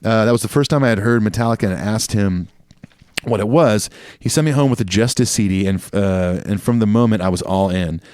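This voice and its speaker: A man's voice: lowish voice, fairly quick, darkish tone, no echo, studio quality. A man co-hosting a podcast in casual chat, reading listener emails aloud with easy laughs. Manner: laughing, slips into a jokey Australian put-on. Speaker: podcast co-host.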